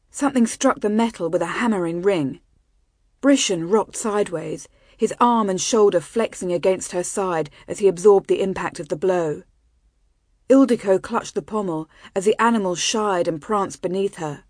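A woman reading a fantasy novel aloud as an audiobook narrator in an even, measured way on a close mic. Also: mid-range voice, no echo. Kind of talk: scripted narration.

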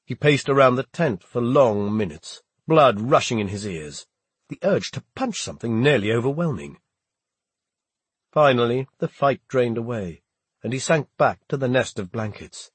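A man's voice: medium pitch, normal speed, breathy edge, dry recording. A man reading an audiobook, narrating expressively. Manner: expressive storytelling. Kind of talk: scripted narration.

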